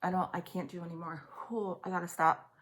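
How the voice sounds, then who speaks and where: A woman talks straight to camera through an intense psychic reading. Her voice sits a little low, and she halts, restarts and trails off often. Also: flat delivery, brisk, fairly bright tone. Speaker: psychic reader. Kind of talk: intuitive reading on video.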